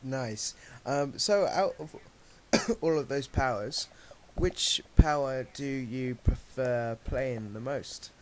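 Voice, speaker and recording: A man hosting a casual gaming Q&A while playing, friendly and quick to laugh. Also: mid-range voice. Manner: friendly, laughs often, asks questions. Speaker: host of a gaming Q&A series. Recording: hissy home mic recording.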